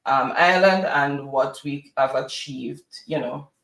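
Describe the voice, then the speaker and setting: A man's voice: mid-range voice, slow pace, pushed and bright. Jamaican man chatting in a roomy space. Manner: chatty storyteller, mimics others. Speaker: co-host. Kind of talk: casual chat. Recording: roomy, distant from mic.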